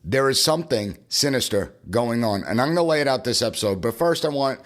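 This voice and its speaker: A man's voice: medium pitch, animated, a little fast. A man hosting a political commentary podcast in an emphatic, punchy way, repeating phrases for effect. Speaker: podcast host and professor.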